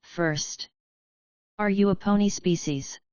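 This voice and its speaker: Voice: medium pitch, takes it slowly, a little mellow, clean tone, dry recording, highs cut off, natural voice. A woman voicing a polite, methodical female unicorn scholar who asks formal questions.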